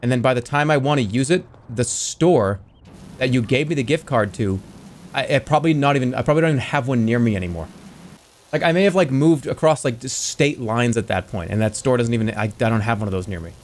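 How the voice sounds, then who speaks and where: A man in his thirties streaming a game, chatting casually and telling animated stories with lots of restarts. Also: fast talker. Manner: animated storytelling, acts out voices with big pitch jumps; rambling with frequent restarts. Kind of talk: casual chat while gaming.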